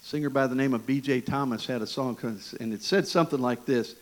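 A man with an East Tennessee Southern accent preaching a sermon, folksy and animated, with jokes and asides to the congregation. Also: medium pitch, quick pace, rough recording. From Michigan. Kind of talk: sermon with personal stories.

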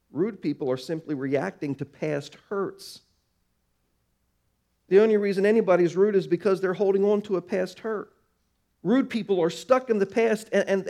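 The man is a pastor giving a sermon. He eases his pace for emphasis, and his lines shift back and forth from soft and low to loud and high.

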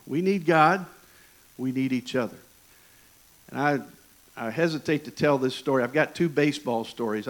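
A man with an East Tennessee Southern accent preaching a sermon, folksy and animated, with jokes and asides to the congregation. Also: medium pitch, poor audio. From Michigan. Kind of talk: sermon with personal stories.

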